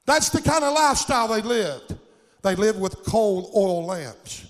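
Older male pastor, fervent folksy sermon, somewhat high voice, long hall echo. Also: animated, unhurried. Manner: impassioned folksy preaching with plain country grammar. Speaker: preacher. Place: church sanctuary.

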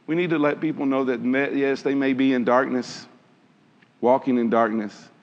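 A man's voice: medium pitch, moderate pace. Man preaching emphatically in a big hall. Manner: animated, emphatic, calls out to listeners. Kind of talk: sermon. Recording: dull sound with long hall reverb.

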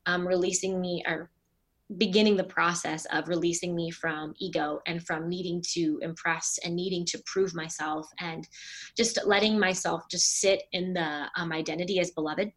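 A middle-aged woman, a pastor, telling a personal story in a casual interview, with animated voices when she quotes people. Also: lowish voice, moderate pace.

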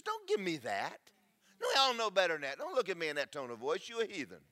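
Preacher guy, high voice that jumps all over, bright and punchy. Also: huge pitch swings, quick pace. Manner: emphatic, preachy, swings loud and soft. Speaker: pastor. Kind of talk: sermon.

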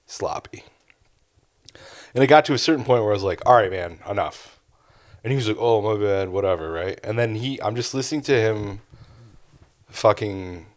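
Low-voiced man telling a bar story. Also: dry recording. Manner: animated storyteller, acts out bar dialogue with profanity. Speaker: podcast co-host. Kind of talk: casual chat, storytelling.

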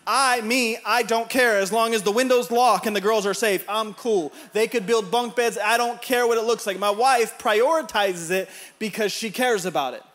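A man in his thirties preaching a sermon, telling a family story with laughs, then building to shouted emphasis. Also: sits high, normal speed, hardly any pauses. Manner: laughs through his own anecdotes.

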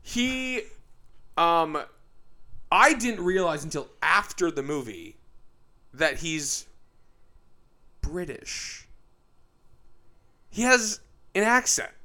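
Bright, clear-voiced joking man. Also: fairly high pitch, sing-song. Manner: joking, teasing, quick asides. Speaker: podcast co-host. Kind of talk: casual film podcast chat.

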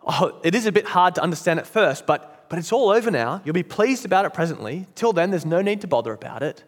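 A man voicing a calm, forgiven man in heaven who speaks gently and patiently. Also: high voice, quick pace, big-room sound. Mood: gentle.

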